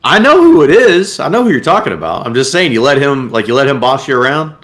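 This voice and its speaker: Mocking dude on a comedy podcast, animated pitch. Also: male voice, quick pace. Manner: teasing, mocking. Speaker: podcast co-host. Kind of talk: casual comedy podcast chat.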